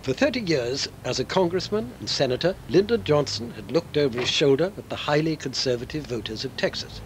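Man narrating a documentary, lively. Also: on the high side, fairly quick, slight background noise, rough recording. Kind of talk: scripted narration.

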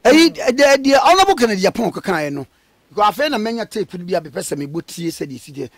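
A man with a Ghanaian accent hosting a radio interview, talking in an animated way and mixing languages. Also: sits high, fast, dry recording. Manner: animated, switches between languages. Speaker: radio host.

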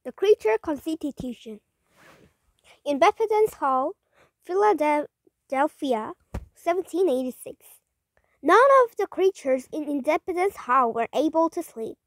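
A woman's voice: high voice, animated, no echo. A woman reading a children's story aloud, stumbling and correcting words as she goes. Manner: halting, rereads and corrects words. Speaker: storybook reader.

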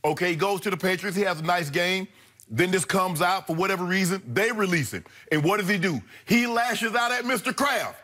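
A middle-aged man, co-hosting a sports debate show and arguing his points emphatically, jumping up in pitch to act out what others say. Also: brisk, pushed and bright. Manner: emphatic, acts out quotes in a raised voice.

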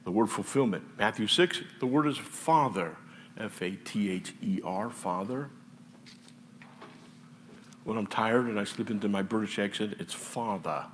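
A Midwestern American man preaches in a church, his voice sitting low and carrying a long reverb off the room. He jokes casually with the congregation between scripture readings. A faint room murmur hangs behind him. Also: a little slow, pauses often, a little hiss or hum. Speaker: pastor. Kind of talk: sermon. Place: church sanctuary. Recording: distant mic in a reverberant church with faint ambience.

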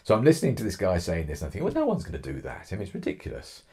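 A middle-aged man with an English Kent accent tells his story as a podcast guest, acting out what others said. His voice sits very low and sounds husky. He restarts phrases as he talks. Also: racing. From England. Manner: animated storyteller, acts out quotes, frequent restarts. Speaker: interview guest, author. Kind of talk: conversational storytelling.

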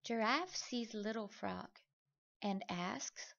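A woman reading a children's story aloud, slow, careful and clear. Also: on the high side, very animated, muffled recording. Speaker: storybook reader.

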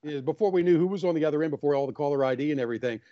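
A man's voice: on the high side, racing, lo-fi sound. An older man, an author talking earnestly in a casual interview and acting out small anecdotes. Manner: earnest, storytelling, acts out voices in anecdotes. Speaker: author and guest.

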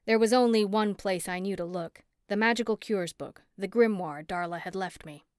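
A woman narrating a first-person cozy mystery audiobook on a close studio mic, lively and expressive in dialogue. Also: medium pitch, moderate pace, smooth, dry recording.

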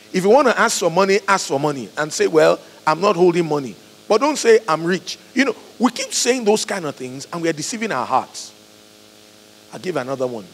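A man preaching a sermon, acting out quoted voices and swinging between loud and soft. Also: a little high, big-room sound, slight background noise, low-quality recording. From Nigeria.

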